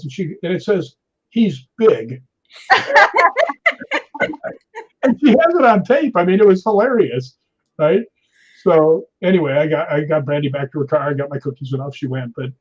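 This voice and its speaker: Male guest, husky and a touch high, animated raconteur, dull lo-fi recording. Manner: animated, acts out quotes, laughs often. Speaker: guest storyteller. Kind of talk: casual anecdote telling. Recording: dull lo-fi sound.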